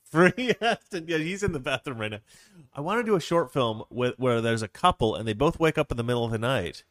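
A man hosting a casual livestream who rambles through stories and laughs often. His pitch sits mid-range but swings widely. The sound is dry and close. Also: animated, fairly quick, a bit bright, dry recording. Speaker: livestream host. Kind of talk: casual chat reading viewer comments.

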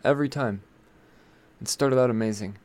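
A man's voice: mid-range voice, moderate pace, a little mellow. A man hosting a casual, rambling commentary on new comics, chatty and irreverent, with swearing and asides. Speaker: comic book video host.

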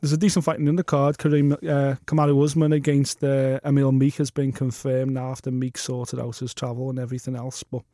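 A man's voice: mid-range voice, level tone, a little fast, few pauses, dark tone, no room sound, clean studio sound. A man co-hosting a casual fight podcast, blunt and opinionated, swearing freely. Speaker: podcast co-host. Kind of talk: casual sports podcast chat.

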